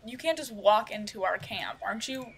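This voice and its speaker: A woman's voice: on the high side, expressive, moderate pace, slight background noise. A woman voicing a petulant young man guarding a vampire camp, in a blustering way.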